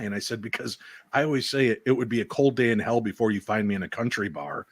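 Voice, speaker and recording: An American man chatting over a video call, an animated storyteller who jokes and slips into voices. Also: fairly low pitch, fast talker, no room sound. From United States. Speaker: paranormal podcast host and guest. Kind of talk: casual video chat.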